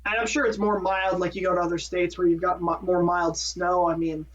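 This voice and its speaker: A man's voice: high-pitched, flat delivery, fairly quick, fairly bright tone. A man from Minnesota co-hosting a podcast in a casual, rambling chat, often correcting himself and laughing at his own jokes. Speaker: podcast co-host. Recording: distant dull mic.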